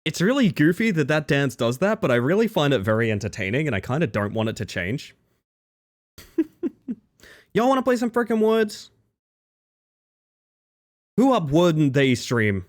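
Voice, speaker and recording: A man's voice: a little high, very animated, unhurried, long pauses. A man from Western Australia chatting casually on a livestream at his desk mic, rambling and laughing often. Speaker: streamer.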